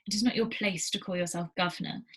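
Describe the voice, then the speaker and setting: A woman's voice: lowish voice, fairly even intonation, quick pace, slightly rough. A woman voicing a cold, commanding leader of a banished people in a storybook read-aloud. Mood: scornful.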